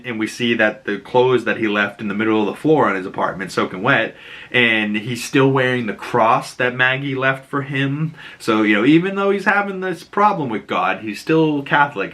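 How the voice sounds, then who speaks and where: Chatty young guy with a bright voice. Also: medium pitch. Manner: chatty, slangy, lots of "you know, like". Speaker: show recap host. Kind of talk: casual recap commentary.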